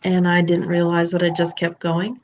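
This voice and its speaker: A woman hosting a candid conversation, talking in an animated, emphatic and playful way. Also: fairly low pitch, moderate pace, a little hiss or hum, poor audio. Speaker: podcast host.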